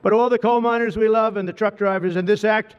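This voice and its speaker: A man's voice: sits high, fairly even intonation, quick pace, clear, resonant tone. An American man giving an ad-libbed public speech at a ceremony, rambling and digressive, repeating lavish praise. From United States. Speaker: politician addressing a crowd. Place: large outdoor ceremony at an official residence. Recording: dull reverberant public-address sound.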